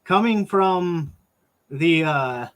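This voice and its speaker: A man's voice: a little high, expressive, drawn-out words. Loose-talking man from Washington State. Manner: loose, swears freely and tells stories with laughs. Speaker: guest. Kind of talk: casual chat.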